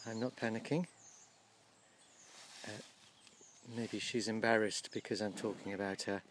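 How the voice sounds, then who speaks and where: A man giving casual, gently humorous commentary outdoors by a field, slowly explaining English words as he films. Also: medium pitch, slight background noise. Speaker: vlogger teaching English.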